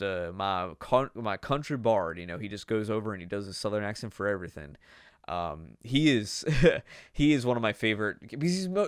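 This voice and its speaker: A man's voice: on the low side, clear, resonant tone, no room sound, clean studio sound. A young man hosting a podcast, chatting casually in a rambling way with lots of fillers. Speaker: podcast host. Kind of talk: casual chat.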